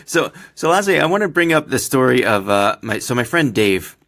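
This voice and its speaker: A man's voice: mid-range voice, big pitch swings, normal speed, gravelly, a bit bright. A man hosting a podcast, chatting casually with a guest and often laughing. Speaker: podcast host. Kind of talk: casual interview.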